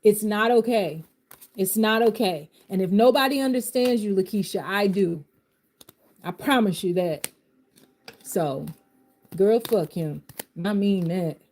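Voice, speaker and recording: Impassioned woman with a warm, mellow voice. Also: medium pitch, measured pace, pauses often. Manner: impassioned, swings from soft comfort to fired-up outbursts; uses Southern vernacular. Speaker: live tarot reader. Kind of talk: live-stream reading and pep talk.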